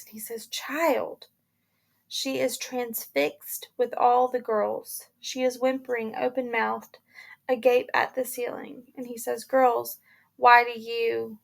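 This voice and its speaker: A woman teacher talks students through a play in a casual, chatty way. Her voice sits a bit high with a noticeable gravelly fry. She recaps the scene loosely, with plenty of conversational fillers. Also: little pitch movement, moderate pace. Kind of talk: explaining a play between readings.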